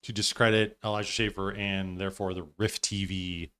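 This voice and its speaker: A man's voice: low-pitched, level tone, normal speed, a bit bright, clean tone. A man hosting a live stream, giving loose, profane reaction commentary with frequent laughs.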